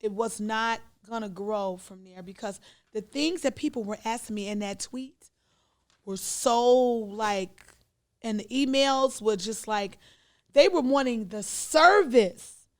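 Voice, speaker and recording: Casting high-pitched woman, interview guest, animated storyteller. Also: slow pace. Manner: lively storyteller who acts out quoted voices. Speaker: guest, pedicurist and business owner.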